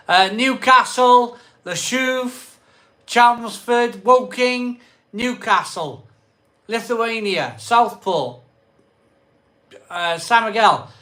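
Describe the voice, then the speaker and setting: A man's voice: high voice, bright, forceful tone. A middle-aged man hosting a casual live stream, reading out viewer comments and bantering with mild swearing. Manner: chatty, rattles off place names in a quick list.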